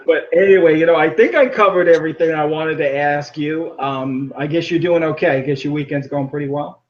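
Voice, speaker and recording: A man with a fairly high voice rambles through a casual call-in chat, animated and quick to laugh. He is heard over a muffled, lo-fi line. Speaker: caller.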